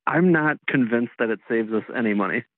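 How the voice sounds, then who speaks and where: A man's voice: medium pitch, fairly quick, background noise. A man in his thirties from Illinois, talking on a radio show by phone in a laid-back, rambling way with frequent chuckles. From Illinois, USA. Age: 30s. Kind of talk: casual phone interview. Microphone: telephone. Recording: tinny phone line.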